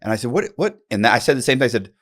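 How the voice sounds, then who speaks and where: A man telling a prison story in a casual interview, jumping up in pitch when he acts out other people's lines. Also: rapid-fire. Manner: lively storyteller, jumps high when acting out quoted voices.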